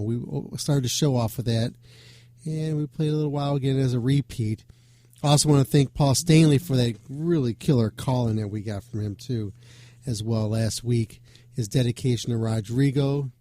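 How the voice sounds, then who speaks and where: A man's voice: medium pitch, warm tone, no room sound. A man hosting a rock radio show, talking in a loose, joking way and swearing freely. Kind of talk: casual rambling chat.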